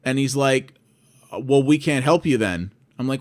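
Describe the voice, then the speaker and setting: A man's voice: medium pitch, measured pace. Exasperated man ranting at length. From Canada. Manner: exasperated storytelling, quoting both sides of calls; swears freely. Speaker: video blogger. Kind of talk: ranting monologue.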